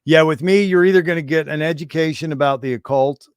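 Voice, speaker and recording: A man's voice: a little high, quick pace, clear, resonant tone, dry recording. A man hosting a casual livestream, rambling in irreverent, conspiratorial banter with his chat. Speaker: livestream host.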